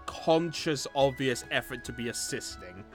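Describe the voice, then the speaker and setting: A man's voice: medium pitch, expressive, measured pace, faint music behind. A man playing a tabletop game, playful and theatrical in his talk. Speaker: player. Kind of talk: casual play chat.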